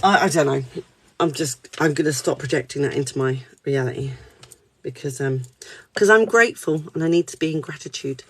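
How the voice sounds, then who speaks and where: A woman's voice: low-pitched, brisk, a little hiss or hum. A woman, speaking as a spiritual card reader at her desk, reassuring and candid, swearing casually. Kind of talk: live spiritual reading chat.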